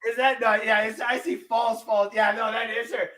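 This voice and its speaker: A man hosting a casual sports podcast, rambling and joking, breaking into shouted bits. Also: extremely high pitch, level tone, normal speed, hardly any pauses. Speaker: podcast host.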